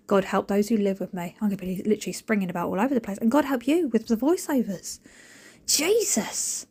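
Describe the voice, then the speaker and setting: Husky chatty woman. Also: medium pitch, fairly quick. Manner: animated, rambling, jokey asides. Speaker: cleaning vlogger. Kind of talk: chatty voiceover.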